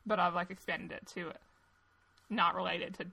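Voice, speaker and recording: Bright-voiced woman, wry and offhand. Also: fairly low pitch, flat delivery, normal speed, vocal fry, slightly rough. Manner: wry, offhand, laughing asides. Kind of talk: casual chat.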